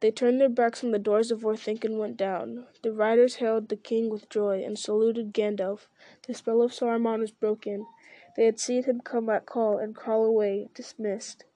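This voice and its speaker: A woman reading a novel aloud at a steady pace, with small slips and restarts. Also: on the high side, normal speed, no room sound. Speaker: reader.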